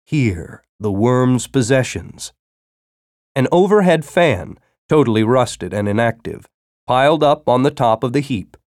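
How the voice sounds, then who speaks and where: A man narrating a science-fiction story as an audiobook, with expressive storytelling. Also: medium pitch, no room sound, clean studio sound.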